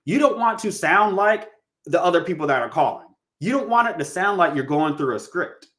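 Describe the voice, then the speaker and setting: A man coaching listeners in a relaxed, conversational way, calling them guys and acting out sample phone lines. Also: a little high, brisk. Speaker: real estate coach. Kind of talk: casual teaching monologue.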